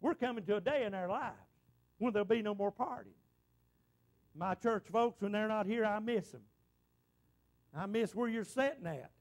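In a church sanctuary, a middle-aged pastor preaches to his congregation in a very high voice with vocal fry. His sermon is folksy and exclamatory, and he often repeats himself.

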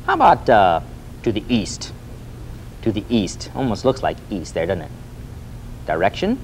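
A man leads a Spanish lesson with a low voice that swoops wildly up and down as he drills phrases. He repeats each line several times for his students to copy and prods them along with a questioning "Hmm?". A faint hum sits behind him. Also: sing-song, a little slow, long pauses, low-quality recording. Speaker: Spanish teacher. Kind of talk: lively spoken language lesson.

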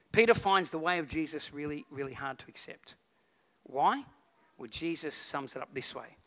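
A middle-aged man, preaching a lively sermon to a congregation and acting out Bible figures. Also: a little high. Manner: animated, acts out Bible figures in quick voices. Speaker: pastor.

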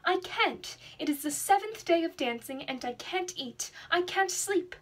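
A woman's voice: extremely high pitch, lively intonation, measured pace, fairly bright tone, heavily acted. A woman voicing a proper, worried red cow in a storybook reading, earnest and prim. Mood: pleading.

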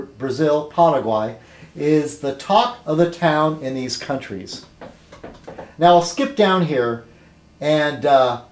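A man vlogging, reading a news item aloud haltingly and then rambling through political commentary, tripping over foreign words. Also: fairly high pitch, darkish tone. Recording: echoey room.

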